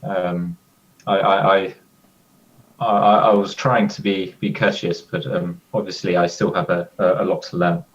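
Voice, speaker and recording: A man's voice: low voice, little pitch movement, moderate pace, dull audio, voice pushed down, natural voice. A man voicing a bashful, embarrassed young man who mumbles and stammers through an apology. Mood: sheepish. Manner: mumbling, stammering, repeating words.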